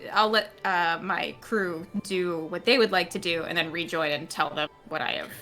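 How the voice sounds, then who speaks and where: A woman speaks as a player at a tabletop game, polite and unhurried with small fillers. Her voice is bright. Faint music plays behind her. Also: on the low side. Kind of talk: casual game chat.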